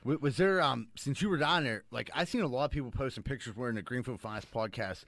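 A man's voice: mid-range voice, quick pace. A man co-hosting a podcast, telling stories animatedly and acting out what others said, in a casual group chat. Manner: animated storyteller who acts out other people's lines. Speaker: podcast co-host.

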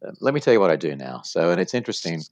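A man's voice: sits low, sing-song, very fast, no room sound. A man with a non-American accent, a business guest explaining his company in an interview, telling stories with examples. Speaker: franchise executive guest.

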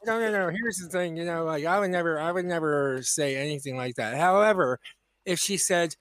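A man's voice: on the high side, brisk, a bit bright, no room sound. A man co-hosting a podcast, arguing his points insistently in crude, casual banter. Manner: argumentative, insistent. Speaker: podcast co-host.

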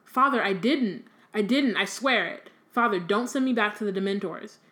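A woman's voice: medium pitch, moderate pace, a bit bright, close to an everyday voice. A woman voicing a terrified pleading teenage boy. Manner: desperate, pleading.

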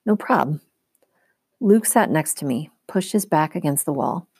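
Mellow-voiced woman teacher reading aloud. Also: low-pitched, expressive, normal speed, breathy edge, dry recording.

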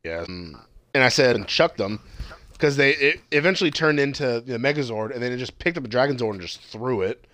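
A man's voice: mid-range voice, lively intonation, a little fast, fairly bright tone. A man in casual, heavily profane chat, laughing as he reads out his notes. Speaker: podcast co-host.

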